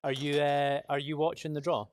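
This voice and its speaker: A man's voice: a little high, level tone, moderate pace. A man hosting a live prize draw, chatty, upbeat and jokey. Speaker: giveaway live draw host. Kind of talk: casual live-stream chat.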